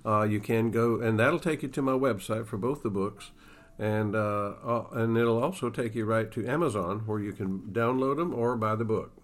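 A man, an author and guest, chatting casually and reading from his book in a folksy way, often clearing his throat. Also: lowish voice, moderate pace.

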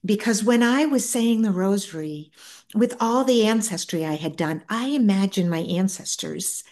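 A middle-aged woman, an author and guest, tells a personal story in a soft, earnest way, often stopping and restarting her sentences. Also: mid-range voice, animated. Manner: soft-spoken, earnest, halting with many restarts.

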